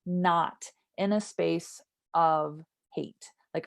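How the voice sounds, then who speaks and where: A woman's voice: fairly low pitch, normal speed, darkish tone. A woman who works as a somatic trauma therapist, explaining earnestly as an interview guest and often checking in with "right?".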